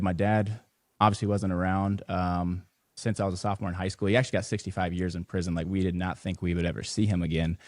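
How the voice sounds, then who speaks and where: Very low-voiced man, halting and earnest. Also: no echo, clean studio sound. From Houston, Texas. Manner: halting, full of fillers and restarts. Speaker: podcast guest. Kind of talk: emotional personal storytelling.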